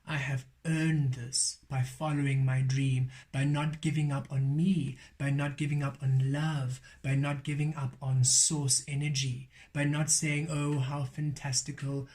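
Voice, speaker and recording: A man's voice: medium pitch, little pitch movement, unhurried, hardly any pauses, a little mellow. A man giving a spiritual tarot card reading, emphatic and repeating his affirmations. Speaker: tarot reader.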